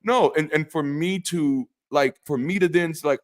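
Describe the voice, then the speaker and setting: A man who used to be a pastor, hosting a live call-in stream and talking to the chat with animated emphasis, preacherly phrasing, blunt slang, casual swearing and frequent restarts. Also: on the high side, normal speed, few pauses. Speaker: host of a live call-in show, former pastor. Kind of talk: livestream monologue to chat.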